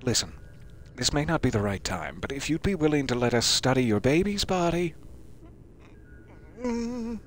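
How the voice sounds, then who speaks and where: A man voicing a sinister male doctor who speaks in a soft, measured, falsely consoling tone. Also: on the high side, very animated, a little hiss or hum, voice pushed up. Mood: persuasive.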